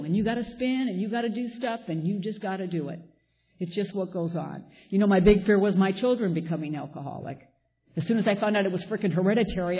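A middle-aged woman sharing her own story at a support meeting, blunt and emphatic, hammering points home by repeating them. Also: mid-range voice. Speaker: speaker at a recovery meeting. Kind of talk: personal share at a support meeting. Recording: dull lo-fi recording.

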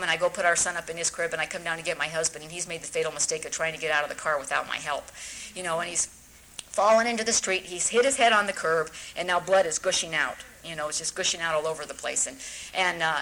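A woman's voice: medium pitch, pushed and bright, slight background noise, poor audio. A woman telling her own story at a recovery talk, wry and self-mocking, often restarting her sentences.

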